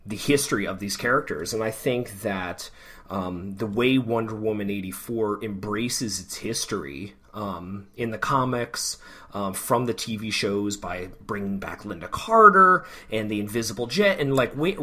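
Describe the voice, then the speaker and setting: A man hosting a podcast, giving a measured, hedging opinion with many ums in casual discussion. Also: fairly low pitch, sharp tone. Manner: measured, hedging, filler-heavy. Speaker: podcast host.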